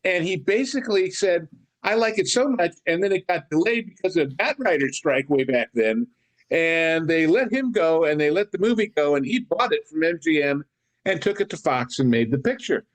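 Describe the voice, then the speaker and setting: A man on a podcast about films, chatting casually and winding through long anecdotes with side tangents. His voice sits a little higher than most men's. He talks in a relaxed, rambling way, trailing off and picking the thread back up. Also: moderate pace. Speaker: podcast co-host. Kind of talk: casual film discussion.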